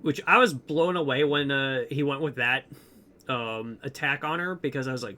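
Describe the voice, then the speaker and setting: A man's voice: mid-range voice, normal speed, sharp tone. A young man co-hosting a podcast, retelling a movie plot in rambling casual chat with lots of fillers. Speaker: podcast co-host.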